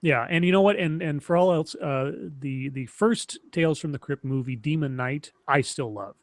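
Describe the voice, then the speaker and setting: A man in his thirties chatting casually on a stream, telling rambling, animated stories with many restarts. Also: on the high side, moderate pace, no room sound. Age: 30s. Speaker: streamer co-host. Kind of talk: casual chat.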